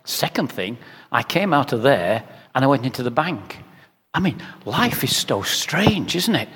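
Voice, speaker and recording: A man's voice: medium pitch, big pitch swings, a little slow, a bit bright, slightly rough. Older guy preaching, rhetorical repeats, sermon in a big reverby hall. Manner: conversational storytelling with rhetorical repetition. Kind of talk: sermon with anecdotes.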